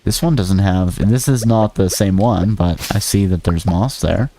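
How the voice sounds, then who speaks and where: A man's voice: sits low, moderate pace, hardly any pauses, dark tone, slight background noise. A man streaming a farming game, chatting to viewers in a goofy, rambling way with silly sing-song bits. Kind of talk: casual gameplay commentary.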